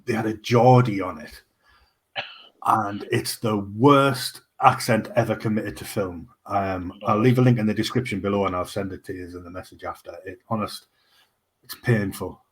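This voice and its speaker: A man's voice: fairly low pitch, steady tone, moderate pace, husky. A man co-hosting a casual film podcast, blunt and full of banter, swearing casually. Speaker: podcast co-host. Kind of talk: casual chat.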